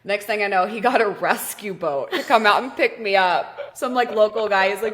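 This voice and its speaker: A woman co-hosting a podcast, telling a story in casual chat, animated and swearing freely. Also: medium pitch, normal speed, few pauses, crowd noise. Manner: animated, swears freely, acts out quoted voices. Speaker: podcast co-host.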